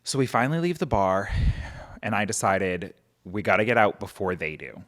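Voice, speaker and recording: A man's voice: lowish voice, moderate pace. A man, a podcast guest telling a story casually and animatedly, acting out quotes. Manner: animated, acts out quotes, many "like" fillers.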